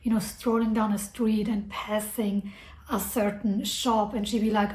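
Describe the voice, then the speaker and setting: A woman's voice: a little high, fairly even intonation, moderate pace, darkish tone. A woman talking earnestly and reflectively to camera about personal growth, using a lot of casual "like" fillers. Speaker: self-development vlogger. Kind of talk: personal advice talk to camera. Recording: echoey room.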